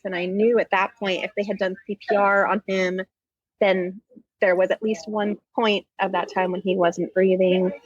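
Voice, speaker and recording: Woman in her 30s telling a hard personal story, halting and heartfelt, dull dry sound. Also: medium pitch, dry recording. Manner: halting, heartfelt retelling with restarts. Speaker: podcast guest.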